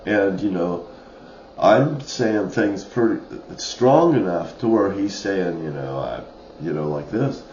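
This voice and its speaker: A man's voice: deep voice, lively intonation, takes it slowly, a little mellow, slight background noise. A man in an angry, rambling monologue, swearing often and laughing now and then. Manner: profane, ranting, with short laughs. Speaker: vlogger. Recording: dull, roomy lo-fi recording.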